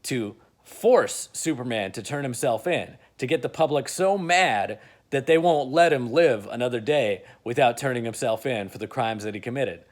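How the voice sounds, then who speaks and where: A man's voice: mid-range voice, lively intonation, normal speed. Rambling man retelling a story. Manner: rambling, with many fillers and restarts. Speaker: video creator. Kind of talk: casual retelling of a movie rewrite.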